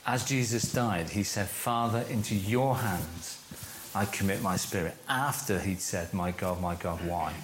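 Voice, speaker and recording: A man leading a church course, giving a teaching talk to a group and slowing down to stress key phrases. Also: sits low, a little hiss or hum. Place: room with a live audience. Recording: echoey room.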